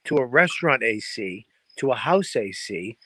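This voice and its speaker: A man co-hosting a podcast in casual chat, a profane, animated storyteller who acts out noises. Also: mid-range voice, normal speed, dry recording. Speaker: podcast co-host. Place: home in New Hampshire, crickets behind.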